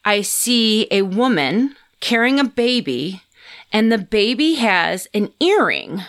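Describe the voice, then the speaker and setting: Slow and sing-song, with a medium-pitched and slightly bright tone, this podcast guest spins a chatty story. She voices what she and others said and curses without holding back.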